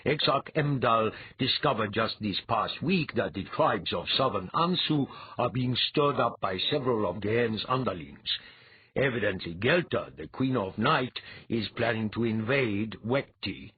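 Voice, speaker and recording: A man's voice: on the low side, animated, measured pace, breathy edge, phone-quality sound, heavily acted. A man reading as a grave, wry priest envoy. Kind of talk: audiobook character voice.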